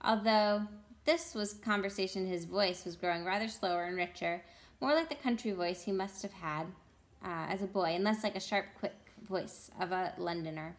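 A woman reading a children's novel aloud as a storyteller, in a steady voice with small slips and restarts. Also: medium pitch, normal speed.

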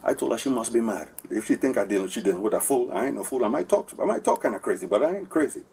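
A man's voice: medium pitch, lively intonation, fast talker, darkish tone. Rambling man caught on bodycam. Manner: rambling, repetitive, keeps asking for agreement. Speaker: man speaking to police. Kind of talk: heated conversation with officers. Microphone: officer's body camera. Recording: distant bodycam audio with faint background noise.

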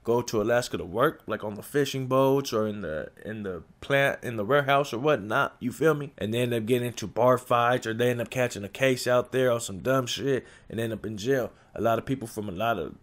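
A man's voice: medium pitch, brisk, few pauses. A man in his twenties from California, casually telling a story in street slang, laughing often.

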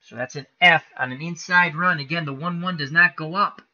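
A man hosting a live stream of a tabletop football game, calling each dice roll in casual play-by-play and getting excited at big plays. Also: fairly high pitch, fairly quick, highs cut off.

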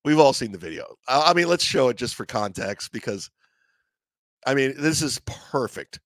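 A man hosting a comedy podcast, telling a profane, animated story in a casual way and acting out the voices of others. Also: medium pitch, normal speed, no echo.

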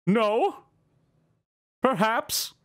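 A man's voice: very high voice, animated, drawn-out words, fairly bright tone, pitched above the performer's own voice, full character voice. A man voicing a pompous medieval courtier who speaks in stiff archaic phrases. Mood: courtly.

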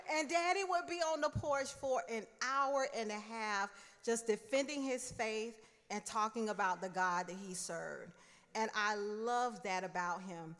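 A young woman tells a warm, humorous story about her late father at his funeral. Her voice sits a little high, and a long echo from the church sanctuary trails after her words. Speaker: daughter giving a eulogy. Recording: reverberant church hall.

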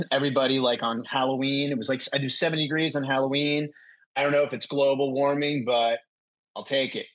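Brisk and medium-pitched, the young adult man on the video call recounts a story as a doctor guest. He curses without restraint and performs the voices of those he quotes, all in an animated, casual way.

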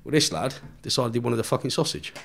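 A man's voice: mid-range voice, big pitch swings, fast, vocal fry, a bit bright. A man, a podcast guest telling a story in casual chat, swearing constantly and laughing as he goes.

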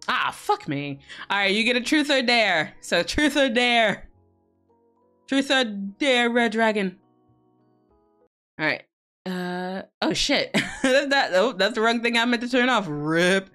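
A woman's voice: a little high, lively intonation, slow pace, pauses often, pushed and bright, clean tone, soft background music. A woman streamer hosting a co-working stream, chatting casually with viewers in a teasing, profane, giggly way.

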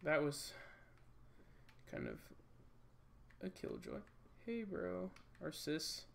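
Male gaming host, slow jokey let's-play chatter with a slightly high, raspy-fry voice. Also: huge pitch swings, slight background noise. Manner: jokey, rambling, talks to game enemies. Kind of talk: casual let's-play commentary.

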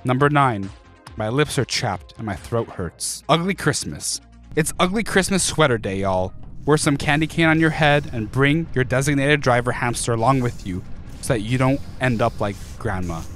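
Goofy man with a lively voice. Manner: goofy, jokey asides and playful pitch leaps. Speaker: gaming channel host. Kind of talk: comedic game voice-over.

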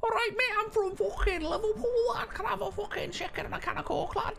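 A man's voice: very high-pitched, fairly quick, vocal fry, bright, forceful tone, a little hiss or hum, pitched above the performer's own voice, full character voice. A man putting on a brash young man from Liverpool with an exaggerated Scouse accent. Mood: mocking. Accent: Scouse impression. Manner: exaggerated, crude.

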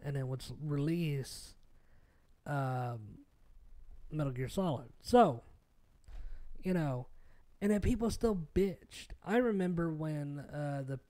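Podcast host, young man, mellow tone, slightly high pitch, casual profane rant. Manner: rambling and profane, with many fillers and restarts.

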